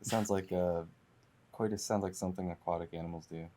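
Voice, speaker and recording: A man on a podcast dropping deadpan comic interjections. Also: sits low, a little fast, a little hiss or hum. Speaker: podcast co-host. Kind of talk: casual banter.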